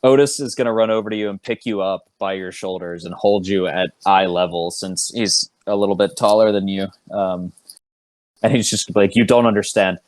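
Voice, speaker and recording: Game master guy, lowish voice, dry close sound, lots of ums and laughs. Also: moderate pace, no echo. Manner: relaxed, filler-heavy, laughing asides. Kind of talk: narrating a tabletop game online.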